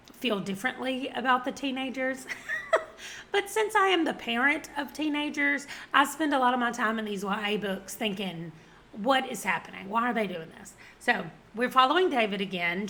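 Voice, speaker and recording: A book vlogger in her forties from the Southern United States chats casually about books she has read, laughing often. Her Southern American accent comes through in a voice that sits on the high side, bright and forceful in tone.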